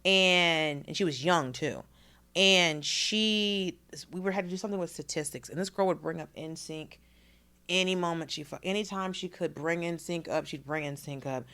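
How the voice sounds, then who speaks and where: A woman's voice: fairly low pitch, normal speed, smooth. A woman comedian telling school stories in a casual podcast chat, acting out quotes and swearing freely. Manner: animated storyteller, acts out quotes, swears. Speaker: guest comedian.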